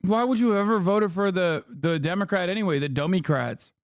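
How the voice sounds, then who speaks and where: A male streamer riffs on clips in a loose, profane rant, full of sarcasm. His voice sits a little high for a man. The sound is dry and close, with no room around it. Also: brisk, no echo. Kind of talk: casual livestream commentary.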